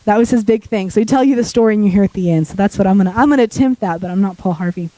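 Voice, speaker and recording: Woman preacher, sick, deepening voice, warm mellow tone, dry close sound, chatty sermon with joking asides. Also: very fast, no room sound, poor audio. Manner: conversational, joking asides to the congregation. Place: church.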